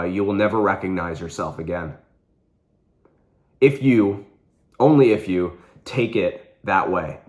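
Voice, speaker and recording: A young man vlogging, telling a personal story with earnest intensity and repeating phrases for emphasis. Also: fairly low pitch.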